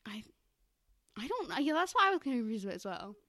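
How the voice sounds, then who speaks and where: A young woman co-hosting a podcast, chatting casually and rambling with lots of fillers and quick laughs. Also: fairly high pitch, big pitch swings, sharp tone. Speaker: podcast co-host.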